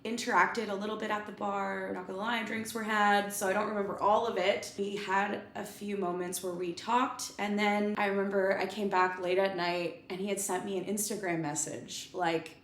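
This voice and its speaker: A woman telling a personal story in a casual chat, animated and often laughing. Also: medium pitch, normal speed, hardly any pauses. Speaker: guest. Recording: echoey room, faint background ambience.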